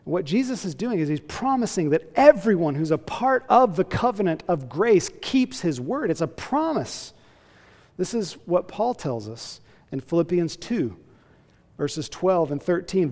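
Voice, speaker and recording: A man preaching a sermon as a pastor, earnest and emphatic, slowing down to stress key phrases. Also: high voice, sing-song, darkish tone, big-room sound.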